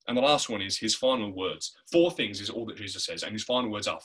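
A man's voice: fairly low pitch, expressive, fast talker, fairly bright tone, breathy edge, low-quality recording. A man preaching a sermon in an earnest way, often checking in with the listeners by asking "right?".

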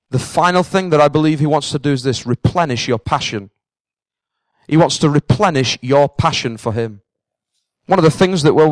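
A male preacher with a fairly high voice delivering an earnest sermon that builds into fervent passion. The sound is dry and close, with no room echo.

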